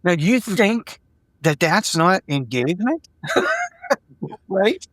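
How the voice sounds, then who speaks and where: Animated storytelling man, dry close sound. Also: high voice, slow, no echo. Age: older. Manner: animated storyteller who acts out dialogue and repeats words. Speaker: executive coach and podcast guest. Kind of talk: conversational interview storytelling.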